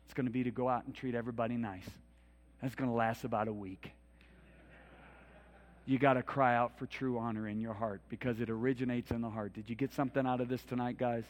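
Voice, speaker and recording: Middle-aged man, preacher in a church, lively anecdotes, builds to loud appeals. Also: mid-range voice, fairly quick, a little hiss or hum. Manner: storytelling, animated, rising to loud pleas. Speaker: minister. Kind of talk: sermon. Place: church hall.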